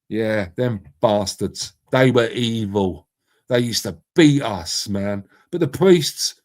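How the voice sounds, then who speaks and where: A middle-aged man hosting a casual live stream, chatting matily with viewers by name and swearing freely. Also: medium pitch. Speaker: live stream host reading chat. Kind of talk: casual chat.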